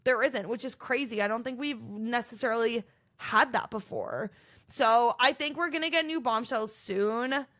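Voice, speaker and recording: Young woman chatting away on her pod, animated and gossipy, high bright voice. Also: normal speed. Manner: animated, gossipy, acts out quoted contestants. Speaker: podcast host recapping reality TV. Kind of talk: casual chatty recap.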